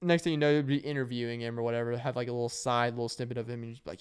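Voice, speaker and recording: A man's voice: mid-range voice, fairly even intonation, fast, hardly any pauses, clean tone. A young man telling stories in a casual, rambling and jokey monologue. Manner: rambling, jokey, acts out quotes in shouted voices. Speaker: vlogger.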